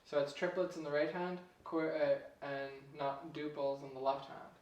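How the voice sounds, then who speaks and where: A young man giving a casual piano lesson, relaxed and chatty, chuckling at himself now and then. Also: on the high side, normal speed, recorded from a distance. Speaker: piano teacher. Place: room with a piano. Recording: echoey room, voice off-mic.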